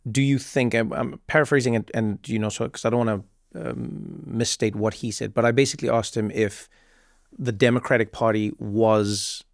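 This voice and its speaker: A man hosting a conversation who asks curious follow-up questions in a relaxed manner. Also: lowish voice, normal speed, vocal fry, no echo, studio quality. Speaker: host. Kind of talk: interview conversation.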